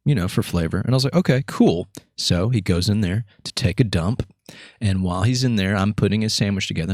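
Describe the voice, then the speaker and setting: A man's voice: no room sound, studio quality. A man telling a funny story in casual chat, rambling with lots of fillers and laughing as he goes. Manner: laughs through the story, voice climbs high with excitement.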